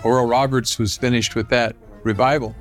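Older male storyteller from Southern California, mid-pitched and meandering, voices the quotes in his tale. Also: flat delivery, a little fast, soft background music. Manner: rambling, lifts his voice to act out quoted lines. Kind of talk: personal anecdote.

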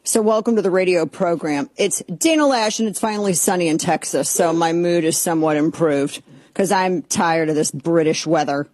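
Woman, radio talk host, lowish voice, sarcastic, dry studio sound. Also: moderate pace, darkish tone, dry recording. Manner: sarcastic, exasperated, mocking voices. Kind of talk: opinionated talk radio monologue.

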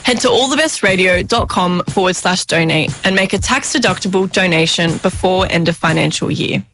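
A woman hosting an audio storytelling show, announcing in a clear, even way. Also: lowish voice, brisk, soft background music. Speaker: radio show host. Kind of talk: scripted presenting.

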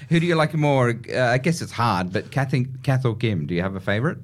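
A man hosts a relaxed radio chat, friendly and full of film talk. His voice sits at an ordinary middle pitch. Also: a little fast. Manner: chatty, film-savvy, encouraging. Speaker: radio host.

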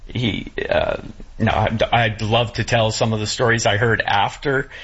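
A man talking casually in a conversation, halting with many restarts, emotional and close to tears. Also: fairly low pitch, steady tone, fairly bright tone, muffled recording, slight background noise. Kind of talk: casual chat.

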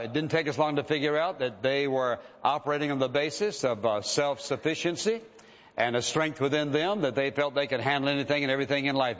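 A man preaching a sermon, earnest and emphatic, slowing down to quote scripture. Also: mid-range voice, fairly bright tone. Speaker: pastor. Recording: dull, long-reverb hall sound.

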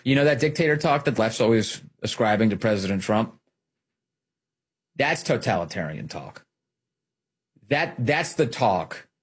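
A man's voice: fairly low pitch, husky. A man hosting a conservative political commentary show, talking emphatically with urgent peaks.

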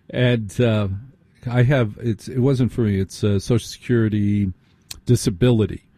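A man's voice: lowish voice, warm tone, breathy edge, no echo. A man hosting a late-night radio talk show, speaking conversationally, repeating phrases for emphasis and asking listeners rhetorical questions. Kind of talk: radio monologue. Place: radio studio.

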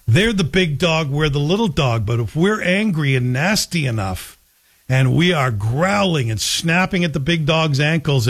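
Blunt, sarcastic male talk host. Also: a little high. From Canada. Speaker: radio talk show host. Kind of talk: opinionated monologue.

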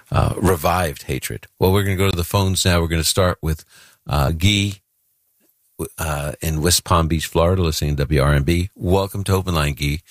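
Earnest chatty man hosting call-in radio, from brooklyn, super deep voice, dead dry studio sound. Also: no echo. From Brooklyn, New York. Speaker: radio host.

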